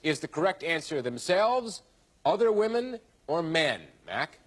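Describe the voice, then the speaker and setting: A man's voice: on the high side, big pitch swings, measured pace, husky. A man hosting a TV game show in a studio, with jokey, upbeat banter. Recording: old TV broadcast with loud studio audience.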